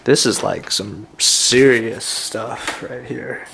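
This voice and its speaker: A man talking casually in a home vlog, relaxed and joking. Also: mid-range voice, slow pace, vocal fry, background noise. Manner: laid-back, joking, trails off in fragments. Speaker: vlogger.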